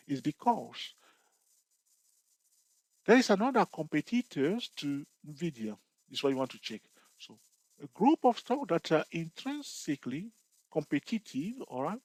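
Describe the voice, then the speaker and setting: A man's voice: fairly high pitch, sing-song, normal speed, no echo, poor audio. A man teaching a trading strategy while walking through a chart, using loose, restarting phrasing and often checking in with "okay?" and "all right?". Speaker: trading instructor. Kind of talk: explaining over a chart.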